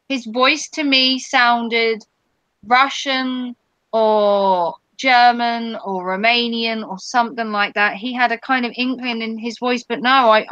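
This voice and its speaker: A woman's voice: fairly high pitch, sharp tone, no room sound, highs cut off. A woman hosting a casual live stream, chatting with viewers and reading their comments in a rambling way with many ums.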